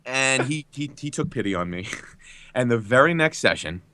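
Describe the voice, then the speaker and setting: A man's voice: mid-range voice, lively intonation, normal speed, bright, forceful tone, no echo. A male voice actor telling a rambling, profane anecdote as a podcast guest, laughing often. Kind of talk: casual podcast chat.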